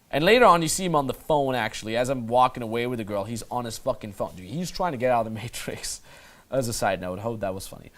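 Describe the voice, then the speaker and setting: A man's voice: medium pitch, moderate pace. A man acting as a dating coach, giving casual, emphatic voice-over commentary on his footage and swearing freely.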